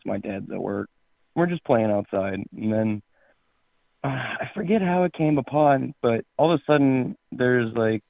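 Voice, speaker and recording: A man calling in to a show, chatting casually in a relaxed, jokey way. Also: mid-range voice, vocal fry, no room sound. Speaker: caller. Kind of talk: casual chat. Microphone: phone. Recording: tinny phone line.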